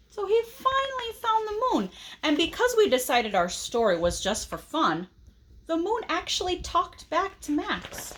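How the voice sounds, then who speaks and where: Expressive woman reading a picture book aloud. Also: extremely high pitch, a little slow. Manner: expressive, asks the listeners questions. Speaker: storyteller reading to children.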